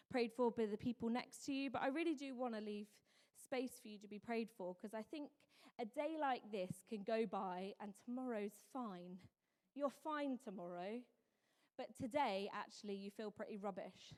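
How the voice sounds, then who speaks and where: A woman with a high, bright voice preaches in a church hall, her words trailing off in a long reverb. She tells stories in a lively, animated way and acts out the other people's voices. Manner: animated storytelling with mimicked voices and laughs. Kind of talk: Mother's Day sermon.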